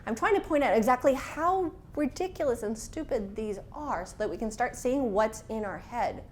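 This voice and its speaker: A woman's voice: fairly high pitch, lively intonation, normal speed, slight background noise. Frank, casual woman instructor. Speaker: workshop instructor. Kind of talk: classroom talk with personal stories.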